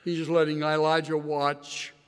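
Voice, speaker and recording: A male pastor preaching a sermon in an earnest voice that swings into loud, emphatic bursts. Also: fairly high pitch, monotone, normal speed, clear, resonant tone. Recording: reverberant hall.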